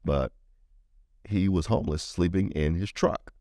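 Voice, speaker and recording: Deep-voiced animated male storyteller. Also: unhurried, no room sound, clean studio sound. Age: middle-aged. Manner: animated storyteller, acts out quoted voices higher. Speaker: veteran advocate guest. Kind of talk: storytelling interview talk.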